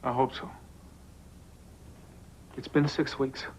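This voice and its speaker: A man's voice: medium pitch, flat delivery, slow, a little mellow, a little hiss or hum, close to an everyday voice. An actor playing a weary, worried adoptive father who speaks in a subdued, apologetic way. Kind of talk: film drama acting.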